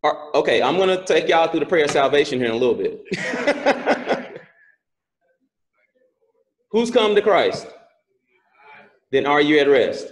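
A man preaching a sermon as pastor, asking the congregation questions and rising from quiet reading to shouted exhortation. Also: on the high side, sing-song, measured pace, pauses often.

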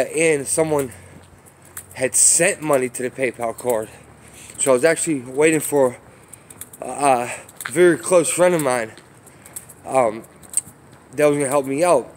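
A man talks into his phone as he walks outdoors, with faint street noise around him. His voice sits a little high, and he rambles through a long story, swearing often and stopping to apologize about his surroundings. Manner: rambling, profane, apologetic asides. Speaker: vlogger. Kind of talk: casual rant while walking.

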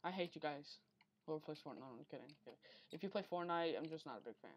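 A woman's voice: sits low, lively intonation, very fast, a little hiss or hum. A woman giving unscripted gameplay commentary during a speedrun attempt, rambling, talking to herself and getting easily frustrated. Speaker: gamer recording a speedrun attempt.

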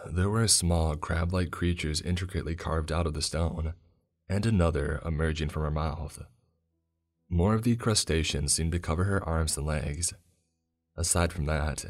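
A man reading a first-person horror story as scripted narration, in a steady, measured storytelling manner. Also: low-pitched.

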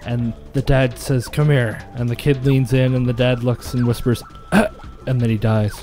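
A man's voice: mid-range voice, little pitch movement, normal speed, mellow, soft background music. A man co-hosting a casual gaming video, rambling through long jokes and laughing at his own punchlines. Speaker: let's play co-host.

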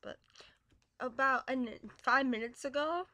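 Giggly high-voiced young woman vlogging. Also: unhurried, bright, forceful tone, no echo. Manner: giggly, playful and teasing. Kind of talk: casual chat.

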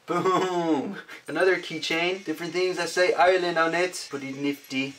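A man's voice: fairly high pitch, steady tone, normal speed, a little hiss or hum. Upbeat guy exclaiming over fan mail. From United States. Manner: upbeat, punctuates items with loud exclamations. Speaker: vlogger opening fan mail. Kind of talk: casual vlog chat.

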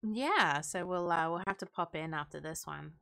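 A woman's voice: lowish voice, expressive, normal speed, vocal fry, fairly bright tone. A young woman co-hosting a live stream in casual chat, giggly and teasing. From Great Britain. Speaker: stream co-host.

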